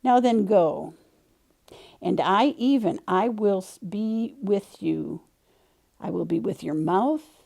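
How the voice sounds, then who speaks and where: A woman reading the lines of God, a solemn male deity, in a measured scripture-reading way. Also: mid-range voice, gravelly, dark tone.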